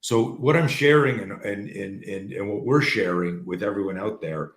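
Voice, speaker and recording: A man hosting a talk, telling stories in a casual, animated way, sometimes swearing and restarting his sentences. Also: on the low side, moderate pace, reverberant. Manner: animated, profane, restarts often. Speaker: host.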